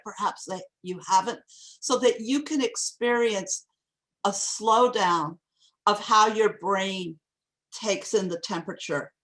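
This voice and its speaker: A woman giving a craft talk on poetry over a video call, reading lines aloud slowly and deliberately. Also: mid-range voice, fairly bright tone. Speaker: poetry workshop teacher. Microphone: video call microphone.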